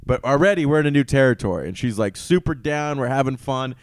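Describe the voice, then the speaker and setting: A man's voice: medium pitch, animated, fast, no echo. Candid, rambling young man on a dry mic. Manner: candid, rambling storyteller with many fillers. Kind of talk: casual podcast chat.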